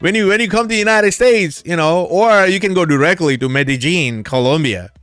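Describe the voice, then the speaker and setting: Middle-aged male vlogger, excitable storyteller who laughs a lot, dry close sound, faint music behind. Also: high-pitched, brisk, no echo. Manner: excitable, laughs often, swears freely. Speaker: crypto channel host. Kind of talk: casual storytelling.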